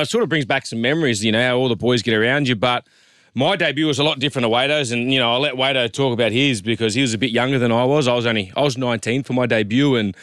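A man's voice: medium pitch, a bit bright, dry recording, studio quality. An Australian man, a co-host and former rugby league player, telling a long story in a chatty, matey way, with many restarts. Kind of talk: casual storytelling.

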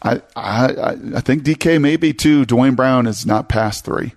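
A man's voice: mid-range voice, normal speed. A middle-aged man co-hosting sports talk, making emphatic points and repeating words as he builds them. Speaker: sports radio co-host. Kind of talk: casual chat.

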